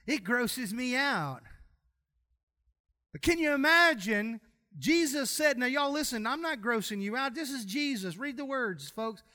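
A man's voice: extremely high pitch, pushed and bright. A man preaching a sermon in a church, folksy and humorous as he tells stories. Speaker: pastor.

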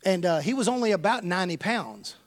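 A man's voice: high-pitched, expressive, a little fast. A man from Texas, preaching a sermon full of folksy personal stories and calling his congregation y'all.

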